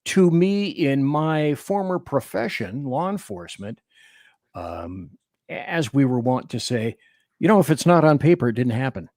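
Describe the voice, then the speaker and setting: A man hosting a talk radio interview, animated and rambling, often cutting himself off and restarting. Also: mid-range voice, measured pace, dry recording, clean studio sound. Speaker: radio show host.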